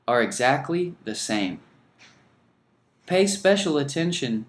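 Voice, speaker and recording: A man teaching an English lesson, speaking slowly and deliberately and modelling phrases for learners to repeat. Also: medium pitch, sing-song, roomy sound. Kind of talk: scripted lesson narration.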